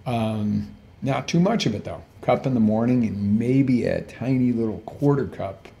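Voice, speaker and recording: His voice is mid-range, expressive, gravelly and dark, and he speaks a little slowly. He runs a live health coaching show in a casual, chatty livestream style, asking the audience lots of questions and self-correcting along the way.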